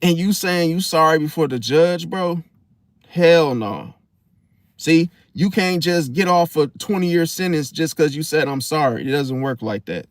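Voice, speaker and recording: A man's voice: fairly high pitch, lively intonation, measured pace, dry recording, clean studio sound. A man hosting an astrology talk in a casual monologue, preachy and repeating "see?" while acting out quoted apologies. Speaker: astrology channel host.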